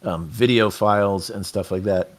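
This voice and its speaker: A man's voice: on the low side, normal speed. A man hosting a casual podcast interview, rambling a little and restarting his sentences. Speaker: podcast host.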